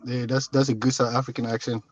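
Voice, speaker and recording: A man's voice: mid-range voice, little pitch movement, fast talker. A man on a casual group call, teasing the others playfully. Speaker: guest. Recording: dull lo-fi call audio.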